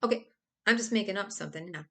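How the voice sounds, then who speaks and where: Casual woman vlogger, mid pitch, rambly and animated, jumps into goofy little bits. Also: quick pace, creaky. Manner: animated, rambling, acts out silly examples. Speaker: video host. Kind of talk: casual explainer monologue.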